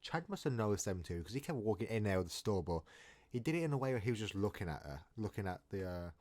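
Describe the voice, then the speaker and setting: A man's voice: lowish voice, big pitch swings, fast, a little mellow. A man telling a story in a casual, rambling, jokey way, often restarting his sentences. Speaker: storytime vlogger.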